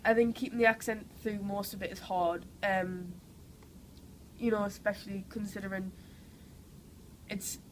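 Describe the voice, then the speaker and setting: A woman's voice: medium pitch, steady tone, normal speed, long pauses, a little hiss or hum, low-quality recording. A young woman with a Geordie accent, who has a cold, chatting enthusiastically as an actress in an interview, full of "like" and "you know". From Newcastle, England. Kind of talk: casual interview answers.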